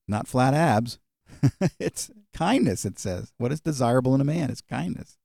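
A man's voice: medium pitch, lively intonation, normal speed, vocal fry, darkish tone, no echo, studio quality. A male pastor preaching in a conversational storytelling way, with frequent fillers. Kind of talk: sermon.

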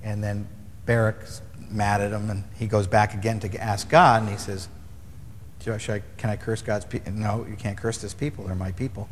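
A man teaching from the Bible in a relaxed, wry way, reading verses and retelling stories. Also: fairly low pitch, normal speed, long reverb tail, a little hiss or hum. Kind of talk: casual teaching chat.

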